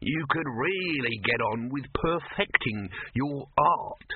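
A man voicing a slick, pushy male street salesman who speaks slowly, flatly and deliberately. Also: mid-range voice, gravelly, background noise. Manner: slow, deliberate, flat and pushy. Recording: tinny phone-like dry recording.

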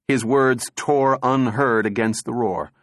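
A man narrating an audiobook in a steady, measured reading voice. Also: medium pitch, no echo, clean studio sound.

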